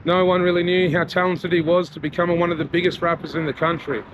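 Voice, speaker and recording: A man's voice: sits high, quick pace, dull audio. A man with an Australian accent chatting casually while walking around his area, sincere and loose, leaning on lots of "you know". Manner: relaxed, heartfelt, filler-heavy with frequent "you know". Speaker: vlogger and rapper. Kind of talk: casual walk-and-talk vlog. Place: outdoors in a town street and mall. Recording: noisy outdoor street recording.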